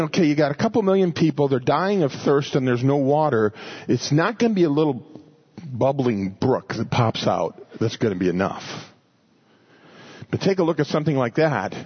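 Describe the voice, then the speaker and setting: A man's voice: medium pitch, breathy edge, muffled recording. A man preaching a sermon, teaching through a passage, restarting phrases and acting out the quoted speakers. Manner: animated, repeats words, voices quoted people.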